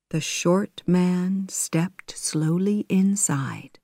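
A woman narrating a learner storybook with slow, careful reading. Her voice sits fairly low and every word is spaced out very slowly. The sound is dry and close, with no room echo. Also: animated. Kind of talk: scripted narration of a graded reader.

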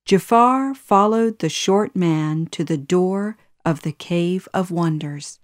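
A woman narrating a learner storybook with slow, careful reading. Her voice sits fairly low and every word is spaced out very slowly. The sound is dry and close, with no room echo. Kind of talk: scripted narration of a graded reader.

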